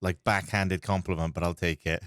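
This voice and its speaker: Dry-humored Welshman, low voice. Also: little pitch movement, moderate pace, a bit bright, clean tone, dry recording. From Wales. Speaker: streamer guest. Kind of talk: casual chat.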